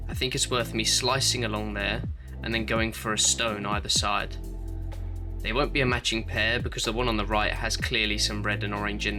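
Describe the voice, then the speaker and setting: A man who hosts his own channel, talking casually through his opal cutting in a home workshop and explaining each step with a self-deprecating, chatty manner. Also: on the low side. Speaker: opal cutter and channel host.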